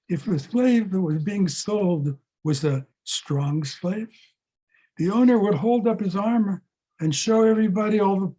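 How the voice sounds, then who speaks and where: A man's voice: high voice, mellow, breathy edge. An older man, a rabbi, teaching a scripture class in a dramatic way, repeating key words for emphasis. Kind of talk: slow, emphatic scripture lesson.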